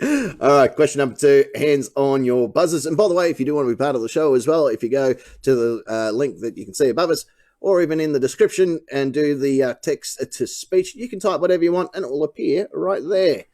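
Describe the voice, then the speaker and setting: A man's voice: a little high, animated, a little fast, a little mellow. A man hosting a live comedy panel show, cracking jokes and laughing at his own gags.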